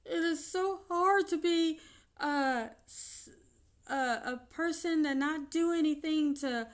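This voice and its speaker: A woman telling a personal story in an unscripted vlog, chatty and laughing often between her sentences. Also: high voice. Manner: chatty, with many fillers and restarts. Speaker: vlogger.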